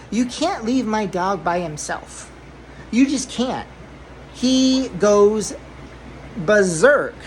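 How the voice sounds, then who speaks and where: A woman's voice: medium pitch, rough recording. Woman, casual storytelling vlog, rambling with fillers, indoor home room, faint room hum. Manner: rambling, repeats herself, many fillers. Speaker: aquarium hobby vlogger.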